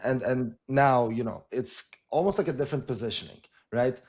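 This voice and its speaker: A man hosting a casual interview, asking questions in a laid-back, halting way with many restarts. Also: medium pitch, a little mellow. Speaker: podcast host.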